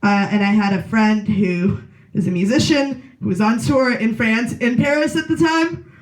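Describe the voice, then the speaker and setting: A woman in her late twenties works through a stand-up set at an open mic, deadpan and rambling. She leans on uhs and ums between jokes. Her voice bounces around an echoey small room. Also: on the high side, normal speed. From Russia. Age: 20s. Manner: deadpan, rambling with filler words. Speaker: stand-up comedian.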